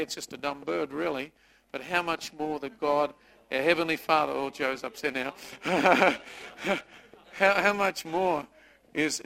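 A middle-aged pastor gives a sermon in a loose, conversational way, teasing people in the pews between points. His voice is bright and sits a little high for a man, with a lively ring that carries. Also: vocal fry, poor audio. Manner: conversational preaching with jokes at the congregation.

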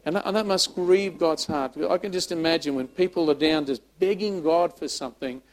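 A man preaches a sermon in a slightly higher-than-usual voice. He is emphatic, repeats words, and swings from loud passages to soft ones. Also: a little fast, poor audio. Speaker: pastor.

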